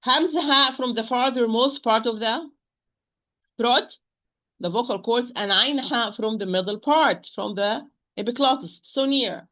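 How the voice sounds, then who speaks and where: Woman, Quran recitation teacher, bright, fairly high voice, slow demonstrations of sounds. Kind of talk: spoken lesson with recited examples.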